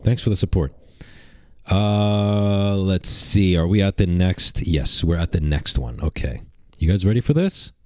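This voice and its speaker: A man's voice: low-pitched, unhurried, a little mellow, dry recording. A man doing mocking livestream reaction commentary, rambling and sarcastic, repeating rhetorical questions.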